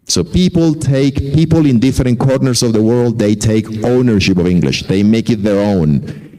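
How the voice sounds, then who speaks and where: Man giving a lecture, low dark voice. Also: poor audio. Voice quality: anecdotal, repeats and corrects himself. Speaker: conference speaker. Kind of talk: lecture to teachers.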